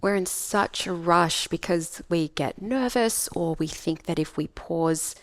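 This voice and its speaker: Australian woman, speaking coach, lowish pitch, dry studio sound, emphatic. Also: measured pace, hardly any pauses, dry recording. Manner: emphatic, acts out example voices. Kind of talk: podcast interview.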